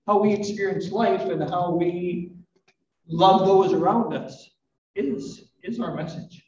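A man in his fifties or older preaching a live sermon, gentle and reflective, with light self-deprecating humor. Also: high-pitched, slow pace. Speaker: pastor. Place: church hall at a live service. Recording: roomy, distant, dull live recording.

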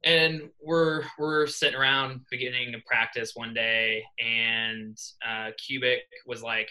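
Man, young adult, from New York, swim coach, guest, animated storyteller, very bright tone. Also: mid-range voice, normal speed, rough recording. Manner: animated, acts out quoted dialogue. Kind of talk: casual interview storytelling. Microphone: podcast microphone.

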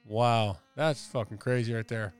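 A man co-hosting a podcast, profane and animated, swearing through crude banter. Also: mid-range voice, measured pace, clean tone, no echo, faint music behind. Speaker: podcast co-host.

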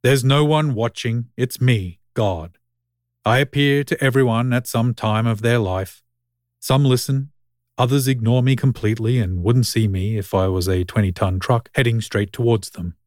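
A man's voice: mid-range voice, normal speed, a little mellow, no room sound, natural voice. A man voicing God speaking through an old vending machine, with a dry, impatient, lordly manner.

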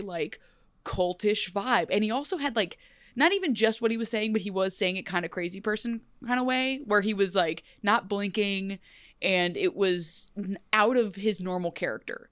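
A young woman co-hosting a casual podcast chat, animated and full of quick restarts. Her voice sits at an ordinary middle pitch and comes across close and dry, with no room sound around it. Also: dry recording. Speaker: podcast co-host.

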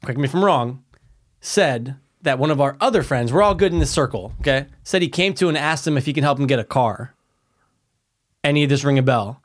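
A man's voice: medium pitch, a little fast. A young man co-hosting a podcast, telling crude stories in casual chat and acting out the people he quotes. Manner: crude storytelling, animated quoting. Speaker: podcast co-host.

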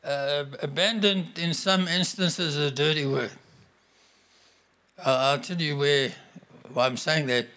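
A middle-aged man preaching a sermon to a congregation, emphatic and animated. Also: on the high side, unhurried, pauses often. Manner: animated, emphatic, bursts into acted-out quotes.

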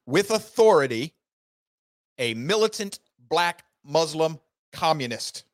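A man's voice: a little high, big pitch swings, takes it slowly, slight background noise. A man hosting a podcast, delivering an angry, sarcastic political rant with heavy emphasis. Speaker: podcast host.

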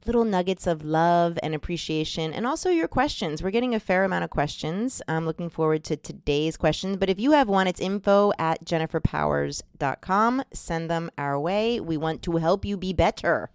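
Woman podcast host, low pitch, smooth clear voice, dry close sound, chatty with ums. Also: animated, fairly quick, few pauses, a little mellow, dry recording. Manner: chatty, laughs easily, many ums. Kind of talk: casual podcast chat.

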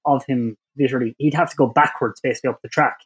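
A man's voice: medium pitch, fairly even intonation, husky. A man on a casual panel who lays out the details carefully and hesitates over his verdict. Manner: measured, detail-focused, hesitant.

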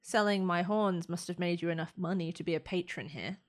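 A woman voicing a proud horned alien woman, a bitter former enemy, who speaks in a cool, clipped, quietly resentful way in a tabletop game. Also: lowish voice, fairly even intonation, brisk, close to an everyday voice.

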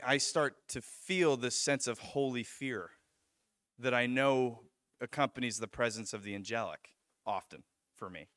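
Bright-voiced young man telling a testimony. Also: medium pitch, dry recording, clean studio sound. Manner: animated storytelling with halting restarts. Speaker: preacher. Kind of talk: personal testimony in a sermon.

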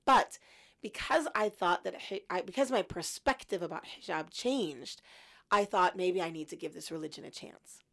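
A woman in her fifties recounting her story as an interview guest, reflective and lively when quoting her past thoughts. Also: lowish voice, normal speed, vocal fry. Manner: reflective, animated in quoted thoughts.

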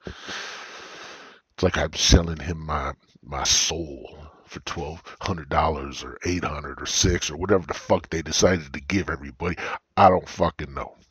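A man's voice: measured pace, a bit bright, slightly rough, no room sound. A man hosting a solo podcast, rambling in a crude, joking way, drowsy and yawning, talking into a cheap gaming headset. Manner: profane, jokey, drawling, with yawns and sudden high squeals. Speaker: podcast host.

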